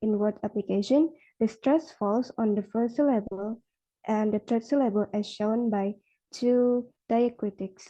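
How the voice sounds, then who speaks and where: A young Indonesian-accented woman presenting on word stress for a class, slowing down to model stressed words. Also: a little high, dark tone. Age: young adult. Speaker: student presenter. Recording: muffled lo-fi recording.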